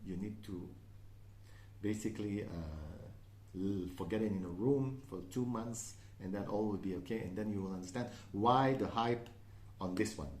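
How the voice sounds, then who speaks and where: A man's voice: fairly low pitch, moderate pace. French-accented man reviewing perfume, roomy sound. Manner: chatty, frequent "okay?" and "uh" fillers. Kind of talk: casual spoken review.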